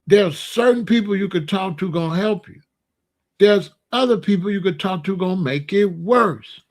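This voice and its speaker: Pitched on the high side and moving at a moderate pace, a man's voice delivers laid-back, joking relationship advice in slang. He's an online talk host speaking directly to his audience in a playful way.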